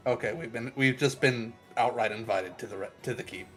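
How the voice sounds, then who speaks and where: A man's voice: medium pitch, fairly quick, soft background music. Dry-witted young male player. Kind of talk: casual tabletop game chat.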